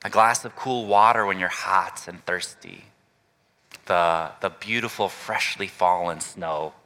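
A male pastor preaching a relaxed, conversational sermon and inviting the congregation to call out answers. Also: low voice, measured pace, in a large hall. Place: church sanctuary.

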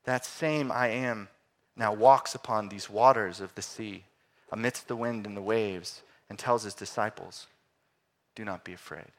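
A middle-aged man preaching a sermon, animated, swinging from loud exclamations to hushed, quiet phrases. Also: on the low side, measured pace. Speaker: pastor.

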